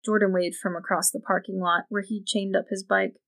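A woman narrating a novel in an even, measured storytelling voice. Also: mid-range voice, vocal fry. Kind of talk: audiobook narration.

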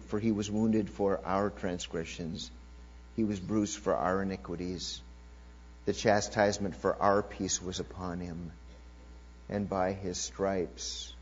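A man preaching a sermon, reading scripture quietly and then building to loud, shouted exclamations. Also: lowish voice. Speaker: pastor. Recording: lo-fi recording with mains hum.

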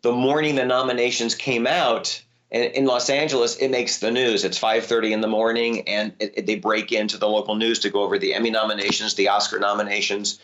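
A man who works as a voice actor, telling lively stories in an interview, his voice leaping high when excited. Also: fairly quick, few pauses, muffled recording. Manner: animated storyteller, voice jumps high when excited. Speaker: voice actor guest. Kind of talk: interview conversation.

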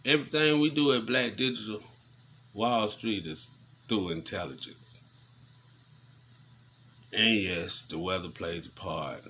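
A man giving casual news commentary on a vlog, preaching in animated rants full of slang. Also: lowish voice, a little slow, pauses often, a little hiss or hum.

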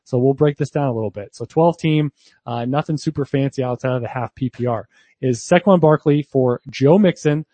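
Another fantasy football co-host chats in a talkative, relaxed way, full of fillers and false starts. His voice is medium-pitched, brisk and mellow, captured in a dry recording.

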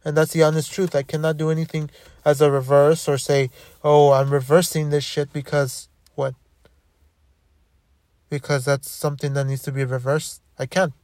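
A young man hosting a solo podcast, talking in a halting, rambling way with many restarts and frequent swearing. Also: on the high side, flat delivery, darkish tone, no room sound. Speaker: podcast host.

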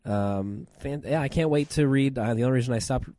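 Rambling man with a cold, mellow tone. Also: medium pitch, brisk, no room sound, studio quality. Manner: rambling, excitable, many fillers and restarts. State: has a cold, on cold medicine. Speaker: podcast co-host. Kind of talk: casual chat.

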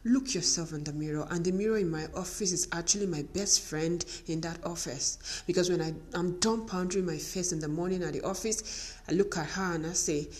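A middle-aged Nigerian woman hosts her podcast with a motivational talk to women. Her voice sits a little low for a woman, and she tells her stories with animation, acting out the dialogue. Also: fairly quick, a little mellow. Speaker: podcast host.

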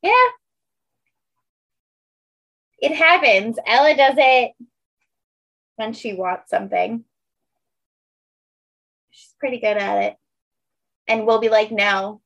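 Gravelly-voiced woman, dull lo-fi sound. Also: a little high, takes it slowly, pauses often. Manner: relaxed, agreeable, reacts with short replies. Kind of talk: casual chat.

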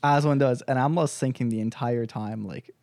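A man telling stories on a casual podcast, animated and crude, breaking into laughter often. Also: medium pitch, moderate pace, creaky, no room sound, clean studio sound. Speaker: podcast co-host. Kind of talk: casual storytelling chat.

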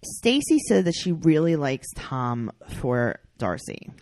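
A woman's voice: sits low, slow pace. A woman hosting a podcast, joking wryly through a casual recap chat. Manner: wry, joking, lively delivery. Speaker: podcast host, comedian.

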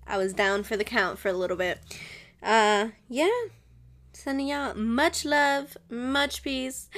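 A woman's voice: on the high side, a bit bright. A woman hosting her own show, chatting casually and rambling, laughing often and switching into Spanish now and then. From Mexican family. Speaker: podcast host. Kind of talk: casual solo chat.

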